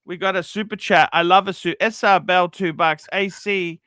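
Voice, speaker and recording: A man's voice: high voice, steady tone, normal speed, sharp tone, clear, resonant tone, no echo. A middle-aged man, hosting a casual livestream chat, blunt and profane as he reads out viewer messages. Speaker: livestream host.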